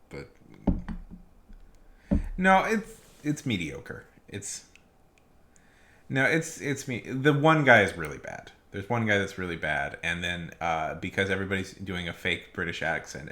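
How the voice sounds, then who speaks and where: A male streamer offers casual, rambling livestream commentary in a deep, sing-song voice with a sharp tone. He speaks at a measured pace with frequent pauses, emphatically repeating his points and often restarting.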